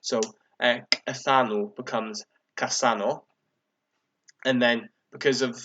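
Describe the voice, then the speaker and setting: A man's voice: mid-range voice, fairly even intonation, takes it slowly, bright, forceful tone. A man co-hosting a podcast, explaining things in a casual chat, with frequent ums and restarts. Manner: hesitant, many ums and restarts. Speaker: podcast co-host.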